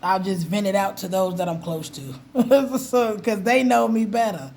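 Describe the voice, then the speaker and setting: A woman vlogging in a casual, animated way about her faith, laughing and mimicking voices as she tells stories. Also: mid-range voice, unhurried, a little hiss or hum. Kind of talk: casual faith talk to camera.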